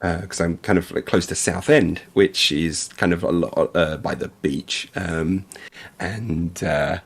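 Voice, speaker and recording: Brief: man, low gravelly voice, rambling self-deprecating stream chat. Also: steady tone, a little slow. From Essex, England. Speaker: livestream co-host. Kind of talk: casual chat while painting.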